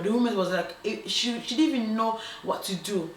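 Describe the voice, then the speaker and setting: Animated woman storyteller in an echoey room. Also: on the high side, brisk. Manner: animated, acts out quoted voices, many ums and restarts. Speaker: storyteller host. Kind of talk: casual storytelling. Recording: roomy echo, faint background noise.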